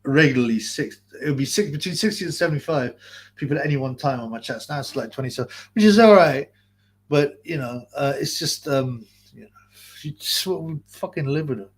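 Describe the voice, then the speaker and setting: A man's voice: on the high side, a little fast, breathy edge. A man hosting a livestream, chatting in a rambling, profane way and laughing often. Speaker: livestream host. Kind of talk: casual livestream chat.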